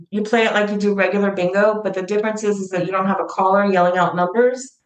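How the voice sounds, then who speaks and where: Middle-aged woman guest, earnest and emotional, recorded in a roomy space. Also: mid-range voice. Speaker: guest, founder of a gratitude platform. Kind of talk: heartfelt storytelling in an interview.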